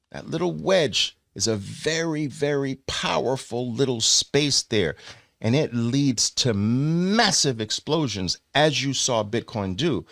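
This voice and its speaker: A man with a New York accent walks through a trading chart at an unhurried pace. His pitch swings widely as he acts out the moving averages in playful bits. The sound is dry and close, with no room around it. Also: vocal fry, a bit bright, dry recording. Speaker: trading educator. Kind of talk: chart lesson.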